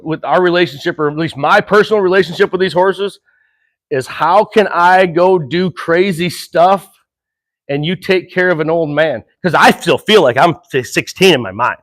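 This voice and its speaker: A middle-aged man works with horses and describes each step in an earnest, animated way. Between thoughts he chuckles, then slows into calm breathing; his voice is a little high in this informal demonstration.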